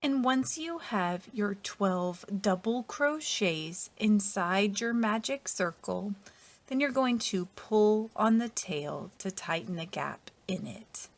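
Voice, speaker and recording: Slow, patient woman teaching crochet. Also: mid-range voice. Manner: slow, patient and methodical, trailing off softly at line ends. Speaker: crochet instructor. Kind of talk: step-by-step tutorial narration.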